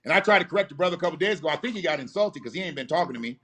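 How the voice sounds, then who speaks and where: A man's voice: fairly high pitch, expressive, rapid-fire, fairly bright tone, slight background noise. Blunt, profane man ranting on a live stream. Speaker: host of a live show.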